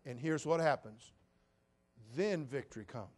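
A man, a pastor, telling a humorous personal story in a sermon and preaching directly to his congregation in a folksy, animated way. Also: medium pitch, measured pace.

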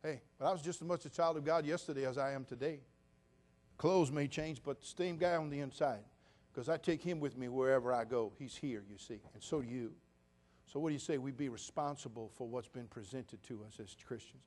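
A man, preaching a sermon as pastor to his church, moving from quiet confiding talk to loud, emphatic preaching. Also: medium pitch, fairly quick.

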